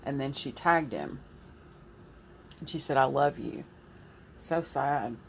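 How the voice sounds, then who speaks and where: A woman YouTube commentator reading posts and a news item aloud, with soft asides in between. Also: rumbling low, slow pace, slight background noise.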